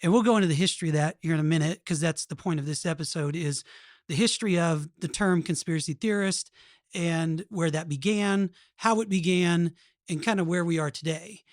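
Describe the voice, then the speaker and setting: A man's voice: a little high, fairly quick, no echo, clean studio sound. A man hosting a podcast in casual chat, earnest and rambling, often restarting his sentences. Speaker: podcast host.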